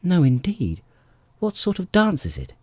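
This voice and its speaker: A man's voice: sits high, wildly swooping pitch, unhurried, mellow, no echo, voice pushed up, exaggerated voice. A man voicing Alice, an eager, curious young girl, in a storybook reading. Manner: eager, raised voice.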